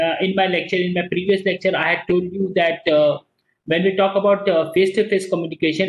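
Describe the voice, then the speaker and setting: A lecturer giving an online class, pausing often and restarting sentences. Example lines come out slowly with heavy stress on single words. The voice sits in a mid range and rings in an echoey room. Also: mid-range voice. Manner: halting, with frequent fillers and restarts.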